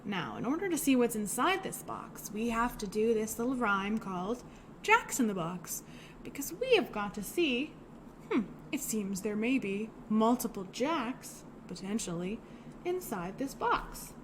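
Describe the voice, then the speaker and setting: Young woman, high voice, unhurried sing-song delivery, children's storytime host, faint hiss behind. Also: very animated. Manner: cheerful sing-song, exaggerated and encouraging. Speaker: children's librarian leading storytime. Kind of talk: singing and talking to young children.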